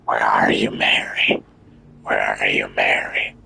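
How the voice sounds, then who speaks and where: A man voicing a creepy, dazed young man who calls for his wife in a slow, breathy, mocking whisper. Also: a bass voice, flat delivery, sharp tone, pitched below the performer's own voice, heavily acted. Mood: eerie whisper. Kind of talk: mocking impression of a game character.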